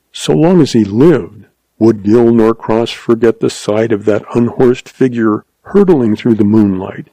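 Gravelly male western narrator. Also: on the low side, no room sound, rough recording. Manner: steady, dramatic storytelling.

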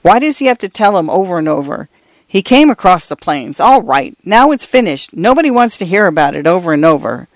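A man's voice: high-pitched, lively intonation, moderate pace, few pauses, dry recording. A man voicing an angry middle-aged ranch father in a clipped, irritated manner within an audiobook.

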